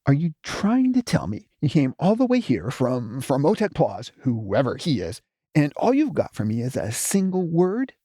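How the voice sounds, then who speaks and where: A man's voice: fairly high pitch, huge pitch swings, normal speed, warm tone, no echo, studio quality. A man voicing Smudge, a scared young male who snaps out impatient, spiteful demands. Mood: impatient, snapping.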